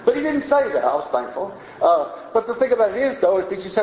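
A man's voice: high voice, big pitch swings, fast, a little mellow. Man, preacher, folksy conversational sermon, echoey room, faint hiss. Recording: roomy, dull lo-fi sound with faint noise.

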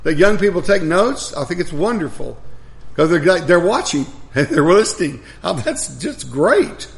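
A man's voice: fairly high pitch, very animated, measured pace, creaky, reverberant. An older man preaching a sermon in a folksy, emphatic way, often repeating his phrases.

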